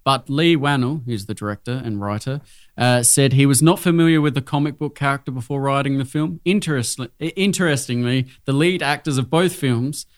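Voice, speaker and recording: A man's voice: mid-range voice, brisk, no room sound, studio quality. A young Australian man co-hosting a casual podcast chat, telling rambling stories with lots of swearing and restarts. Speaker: podcast co-host.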